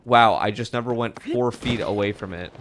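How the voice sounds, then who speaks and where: A man's voice: mid-range voice, fairly even intonation, normal speed, slight background noise. A man giving casual let's play commentary as a video game streamer, chatty, swearing and laughing often.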